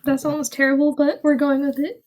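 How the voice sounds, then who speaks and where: Chatty young woman with a higher voice. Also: monotone, fairly quick, a little mellow. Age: young adult. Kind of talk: casual chat.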